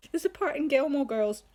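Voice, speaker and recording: A woman chatting in a casual book vlog, bubbly and gushing and quick to laugh. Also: high-pitched, expressive, darkish tone, low-quality recording. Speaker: book vlogger.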